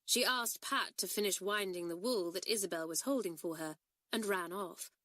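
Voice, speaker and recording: A woman narrating an audiobook with expressive storytelling. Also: medium pitch, moderate pace, no room sound.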